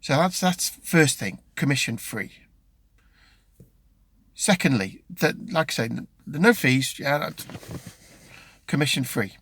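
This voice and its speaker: Chatting in a car vlog, this middle-aged man with a British accent rambles and keeps restarting, with lots of ums. His mid-range voice is expressive, slightly bright, and breathy at the edges, unhurried and full of pauses.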